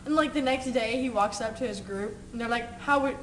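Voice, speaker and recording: A woman's voice: a little high, fairly quick, recorded from a distance. A young woman casually retelling a movie scene to friends, rambling with lots of "like" and frequent giggles. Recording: echoey room with noise.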